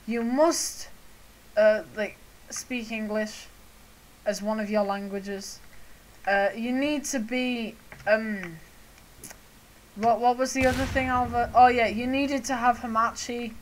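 A young woman, co-manager of a gaming channel, introduces it casually and haltingly, with many fillers. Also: on the high side, fairly even intonation, slight background noise, poor audio.

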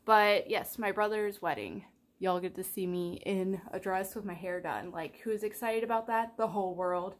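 A woman's voice: medium pitch, fairly even intonation, moderate pace. A young woman chatting casually in a daily vlog, bubbly, rambling and self-deprecating. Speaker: vlogger.

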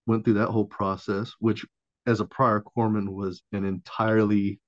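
Casual: low-voiced guy in his 30s cussing through a boot camp story, doing the voices, kinda muffled dry mic. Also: moderate pace, dry recording. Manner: profane, animated, acts out quoted voices, laughs often. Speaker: podcast guest, Marine veteran and former Navy corpsman. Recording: dull dry lo-fi sound.

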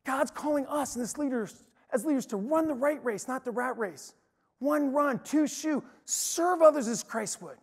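A man preaching to an audience in an energetic, emphatic storytelling way. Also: very high-pitched, normal speed, gravelly, breathy edge. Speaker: speaker. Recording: long hall reverb.

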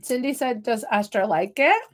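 A chatty, playful woman talks casually while she crafts, reading out comments from her viewers as she goes. Her voice sits a little on the high side, and she speaks from her home office. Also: animated, normal speed. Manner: playful and upbeat. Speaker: host of a craft livestream.

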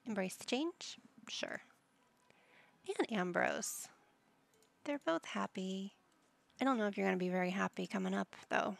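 A woman's voice: mid-range voice, unhurried, creaky, long pauses. A woman giving casual commentary over her life-simulation gameplay, chatting to her game characters as she plays. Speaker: gameplay channel host.

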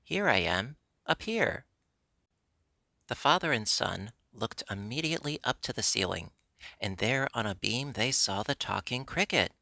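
Gravelly man narrating a storybook. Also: fairly low pitch, expressive, normal speed, sharp tone, dry recording. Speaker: audiobook narrator.

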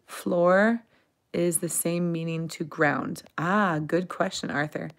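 Woman, English teacher on a live stream; slow, low-ish gravelly voice, answers chat questions patiently, drills pronunciation. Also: fairly even intonation. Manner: reads viewer questions aloud and answers them, switching into Portuguese to explain; laughs often, repeats words slowly for pronunciation. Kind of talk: casual live-stream lesson.

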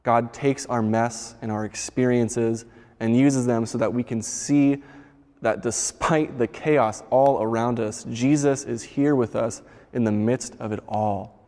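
A man telling a story and reflecting on it in a church service, calm and measured. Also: mid-range voice, in a large hall.

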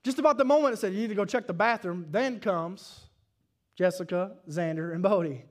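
High-voiced Southern preacher. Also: male voice, fairly quick. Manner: folksy storytelling that builds to shouted exhortation. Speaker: pastor. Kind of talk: sermon. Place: church service.

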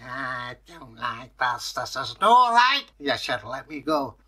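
A man's voice: mid-range voice, sing-song, slow pace, sharp tone, full character voice. A man voicing a grumbling, put-upon male water-horse spirit with a put-on Scottish accent, whining and complaining.

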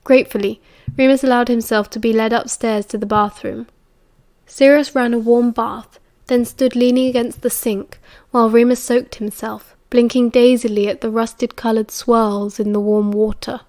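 A woman's voice: a little high, fairly even intonation, moderate pace, darkish tone. British woman narrating an audiobook.

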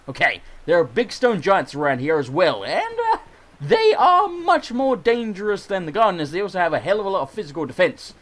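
An English man commenting on a game he is playing, excitable and self-mocking, with plenty of swearing. His voice sits high and leaps around a lot, full of bounce. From England. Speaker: let's play host. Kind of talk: gameplay commentary.

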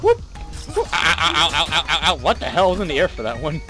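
A young man hosting a gaming video, excitable, laughing and swearing at the game while he plays. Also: fairly high pitch, fast talker, faint music behind. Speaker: gaming channel host. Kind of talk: casual gameplay commentary.

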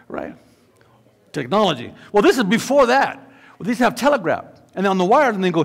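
Man, pastor, sermon, middle-aged, high voice, husky, very animated delivery, long church reverb. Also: moderate pace. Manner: animated storytelling with sound effects and asides. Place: church sanctuary.

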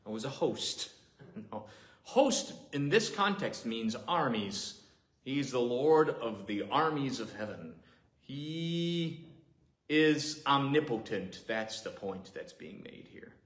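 A man's voice: medium pitch, animated, slow. A man preaching an earnest, emphatic sermon as a pastor, repeating key points. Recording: roomy echoing hall.

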